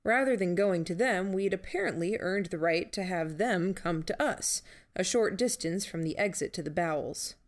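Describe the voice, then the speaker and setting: A woman narrating a first-person novel in a measured, steady reading. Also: lowish voice. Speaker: audiobook narrator.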